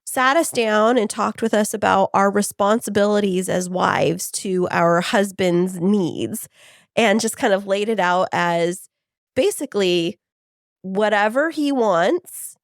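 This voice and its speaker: A woman co-hosts a podcast and talks through personal stories with open, chatty candor. Her voice sits at a middle pitch, and the recording is dry and close with no room sound. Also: fairly even intonation, measured pace, dry recording. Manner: candid, storytelling, many "like" fillers. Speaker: podcast co-host. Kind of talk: casual podcast conversation.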